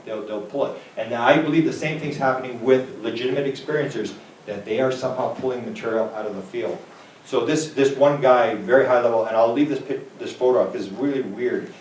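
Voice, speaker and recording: A man's voice: mid-range voice, darkish tone. A man from Manitoba, Canada, giving a rambling, conversational talk, acting out the voices in his stories. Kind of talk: rambling lecture storytelling. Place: talk venue room. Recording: roomy distant mic with faint background noise.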